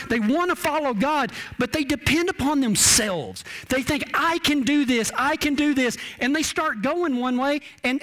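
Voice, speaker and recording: High-voiced folksy preacher man. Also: fairly bright tone. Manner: folksy, homespun, repeats words and restarts. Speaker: cowboy preacher. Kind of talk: folksy sermon.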